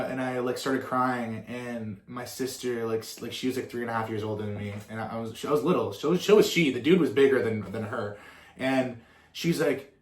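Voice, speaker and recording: A young man, a musician and content creator, answering fan questions in a casual chat, rambling with plenty of swearing and tangents. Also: mid-range voice. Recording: roomy echo.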